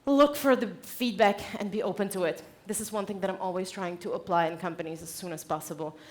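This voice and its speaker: A woman giving a conference keynote on stage, direct and lively, laughing often. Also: medium pitch, quick pace. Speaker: conference speaker.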